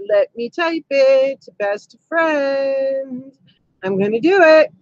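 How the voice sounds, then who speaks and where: Cheeky chat and frequent laughter fill this home live stream as a woman reads her viewers' comments aloud. Her voice is high, captured by a camera mic with no room sound and cut-off highs.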